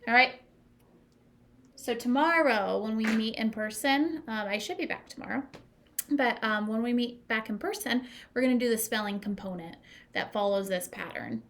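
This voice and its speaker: A woman teaching a phonics lesson to young students at a whiteboard, sounding out words slowly and patiently. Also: a little high, a bit bright. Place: classroom at a whiteboard.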